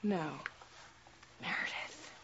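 A woman's voice: slow pace, lightly acted. An actress playing a flustered, apologetic young woman in a film scene, stammering and nervous. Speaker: film character, the visiting sister. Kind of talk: film acting. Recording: dull film audio with music score.

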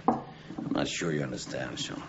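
An actor playing an earnest, insistent middle-aged math professor in film dialogue. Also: male voice, very deep voice, normal speed. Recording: muffled film audio with background noise.

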